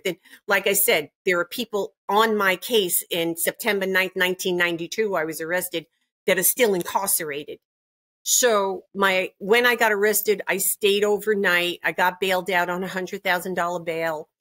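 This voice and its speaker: A woman's voice: medium pitch, fairly bright tone. Brief: older woman, grandmother, interview guest; firm, emphatic, indignant delivery, mid-range voice. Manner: emphatic, indignant, repeats herself.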